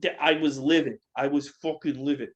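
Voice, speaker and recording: A man's voice: on the high side, steady tone, brisk, lo-fi sound. A man co-hosting a casual podcast, ranting angrily and profanely, firing repeated questions. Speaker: podcast co-host.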